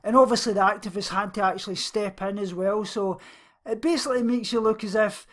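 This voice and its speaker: A man's voice: high-pitched, steady tone, fairly quick. A man giving casual, rambling commentary on a vlog. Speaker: vlog host.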